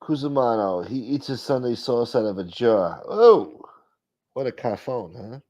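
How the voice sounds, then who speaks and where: A man's voice: moderate pace, dark tone. A man hosting a casual livestream, muttering back to the comments his viewers type. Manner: mutters low, talks back to chat. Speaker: livestream host reading chat. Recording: dull lo-fi stream audio.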